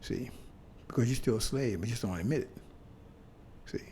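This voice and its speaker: A man preaching a sermon to brothers and sisters, talking in a loose, conversational way and often asking "see?" with halting restarts and bursts of emphasis. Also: mid-range voice, a little mellow, slight background noise. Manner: conversational, repeats "see?" to the congregation.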